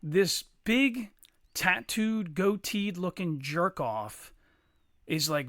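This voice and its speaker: Man telling a story, bright forceful voice, slightly high, dry close mic. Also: a little slow, no echo. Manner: profane, animated, mimics others mid-story. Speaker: podcast co-host. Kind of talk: casual storytelling.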